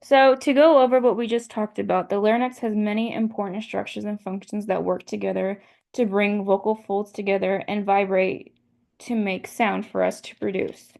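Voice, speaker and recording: A young woman giving a class presentation, explaining a model slowly and step by step and repeating her points. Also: mid-range voice, fairly even intonation, vocal fry, darkish tone. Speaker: student presenter.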